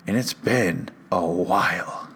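A man with a fairly low voice hosts a comedy podcast, rambling and sarcastic, often poking fun at himself. He talks close into a studio mic. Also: slow, fairly bright tone, a little hiss or hum. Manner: rambling, sarcastic, self-mocking. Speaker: podcast host. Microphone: studio mic with headphones.

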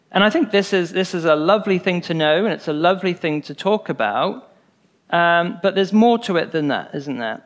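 A man preaching in a relaxed, conversational way, with a voice sitting a little high for a man. He is earnest and informal, often circling back on a phrase or tucking in a "you know" as he works through a point. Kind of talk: conversational sermon.

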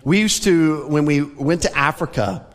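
Earnest preacher in an echoing church. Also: male voice, fairly high pitch, normal speed. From American South. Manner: earnest, conversational preaching with light laughs. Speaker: pastor. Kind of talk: sermon. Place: church sanctuary.

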